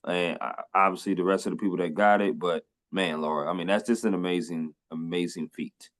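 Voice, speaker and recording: A man's voice: deep voice, steady tone, fairly quick. A man hosting a podcast interview, enthusiastic and affirming, joking and laughing with his guest. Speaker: podcast host. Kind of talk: casual interview.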